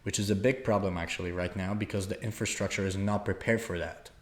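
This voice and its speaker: A young adult man from Poland, co-hosting a podcast, tells a long, rambling story in casual chat. His deep voice holds a steady tone at a quick pace. He's full of fillers and restarts.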